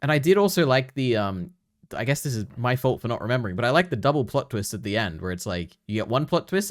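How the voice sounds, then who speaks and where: A man's voice: medium pitch, lively intonation, fast, no echo, clean studio sound. A man co-hosting a casual movie chat, talking hesitantly with lots of fillers and trailing hedges. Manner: hesitant, many fillers and restarts. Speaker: podcast co-host.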